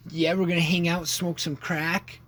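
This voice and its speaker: A man's voice: a little high, level tone, moderate pace, a crowd in the background. A young man co-hosting a podcast, telling crude stories in casual chat and often laughing. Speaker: podcast co-host.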